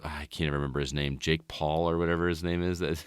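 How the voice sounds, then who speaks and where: A man's voice: a bass voice, level tone, a little fast, clear, resonant tone, no echo, clean studio sound. A man who teaches, talking earnestly and at length in a casual podcast chat. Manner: earnest, rambling, reflective.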